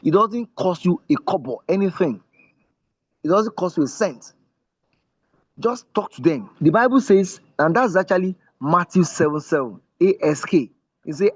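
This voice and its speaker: Male instructor, slightly high pitch, emphatic and repetitive, dry lo-fi video-call sound. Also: animated, normal speed, no room sound. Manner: repetitive, checks in with listeners often; emphatic teaching tone. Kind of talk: online class with screen share.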